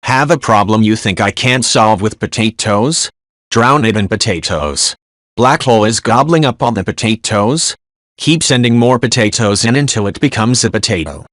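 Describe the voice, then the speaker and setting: Male narrator for forum-post readings: lowish voice, quick, dry and direct. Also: a bit bright, no echo. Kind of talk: scripted reading of online posts.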